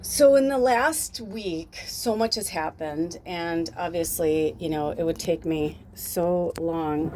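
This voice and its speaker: A woman's voice: lowish voice, measured pace, hardly any pauses, very noisy. A woman in her fifties chatting casually to camera at home, rambling with lots of fillers and the odd swear word. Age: 50s. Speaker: spiritual medium and channel host.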